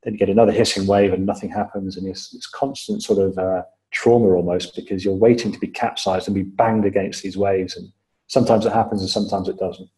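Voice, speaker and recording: A man with a low-set, warm and mellow voice, speaking as a podcast guest. He tells his story in a measured, step-by-step way, with plenty of "um"s. He repeats key phrases to stress them. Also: steady tone, rough recording. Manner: measured, step-by-step retelling with frequent fillers. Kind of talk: storytelling in an interview.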